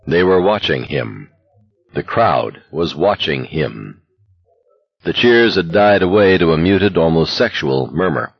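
A male narrator reads a novel in a steady, intense voice. His tone is very low and husky, with a dry, close sound. The recording itself is dull and lo-fi. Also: unhurried, no echo. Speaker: audiobook narrator. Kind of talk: scripted narration.

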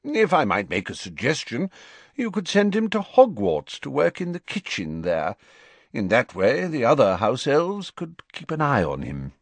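A man's voice: medium pitch, wildly swooping pitch, dry recording, voice pushed up, full character voice. Man doing a shrewd, courteous old wizard. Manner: measured, courteous, cheerful. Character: calm, shrewd old male headmaster wizard. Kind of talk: audiobook character voice.

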